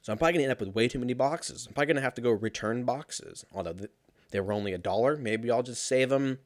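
A young man telling a casual story in a sarcastic, profane, animated way. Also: medium pitch, fast, no echo.

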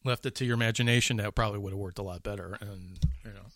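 A man's voice: on the low side, fairly even intonation, very fast, fairly bright tone, no echo. A man chatting casually about movies, rambling with many restarts and swearing. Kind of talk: casual chat about films.

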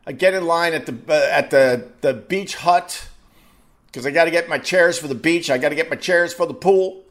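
A man telling a casual anecdote in an exasperated, swearing rant full of quick restarts. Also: fairly high pitch, a bit bright. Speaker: storyteller.

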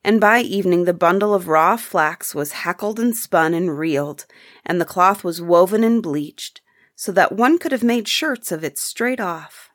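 Storyteller: a woman with a lowish voice, reading a fairy tale, close and dry. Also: animated, measured pace, no room sound. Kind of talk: folk tale read aloud.

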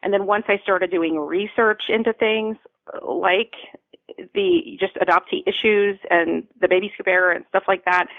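A woman from Florida, USA, appears as a podcast guest, sharing an emotional personal story in an earnest way and repeating phrases for emphasis. Her voice is lowish, and the recording sounds like a dry phone line with no room sound.

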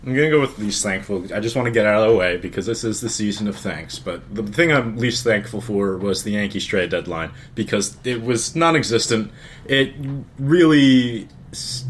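A man's voice: fairly low pitch, moderate pace, a bit bright, a little hiss or hum. A man co-hosting a casual sports podcast, talking earnestly and with enthusiasm. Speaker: podcast co-host.

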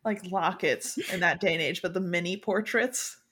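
A woman's voice: fairly low pitch, normal speed, a bit bright. A woman guesting on a book podcast, chatting casually and laughing along, with a lot of "like.".

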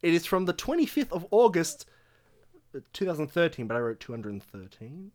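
A man's voice: on the high side, big pitch swings, brisk, darkish tone. A man co-hosting a podcast, reading out comments and answering jokes in a dry, matter-of-fact way. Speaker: podcast co-host.

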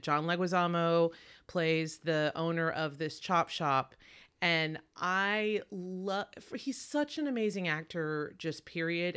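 A woman's voice: deep voice, fairly bright tone, smooth. A woman co-hosting a casual movie-talk show, chatty and opinionated, swearing freely. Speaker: podcast co-host.

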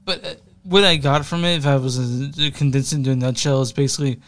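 A man's voice: a little high, quick pace, a bit bright. A young man co-hosting a music podcast, rambling casually, laughing often and swearing offhand. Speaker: podcast co-host.

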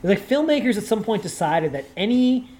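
A man guest on a podcast, talking in a casual, animated way, full of quick asides and "like" fillers. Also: high-pitched, slight background noise. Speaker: guest, culture writer.

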